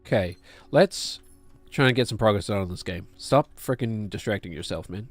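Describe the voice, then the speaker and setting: Male streamer, low-ish voice, casual think-aloud commentary, dry close mic. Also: moderate pace, no echo, faint music behind. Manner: thinking aloud, talking to himself and chat. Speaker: game streamer.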